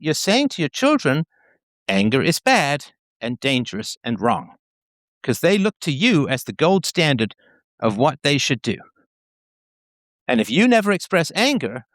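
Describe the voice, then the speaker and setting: A man's voice: a little high, dry recording. A man hosting a call-in show, talking frankly and probing the caller. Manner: frank, probing, lively delivery.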